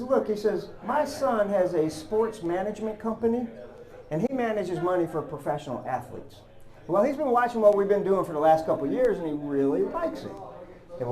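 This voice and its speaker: A man with a high voice tells a story to an audience and slips into the other people's lines as he goes. The delivery is animated and conversational, like a speaker recounting his own past on stage. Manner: animated, acts out both sides of phone calls. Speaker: public speaker. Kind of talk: storytelling presentation.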